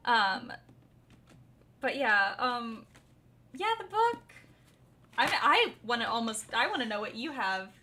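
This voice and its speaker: A bubbly young woman with a bright, crisp voice set a little high, giggling as she rambles through a casual stream chat. She jumps from topic to topic in an easy, talkative way. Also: lively intonation, unhurried, a little hiss or hum. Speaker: debut novelist and streamer.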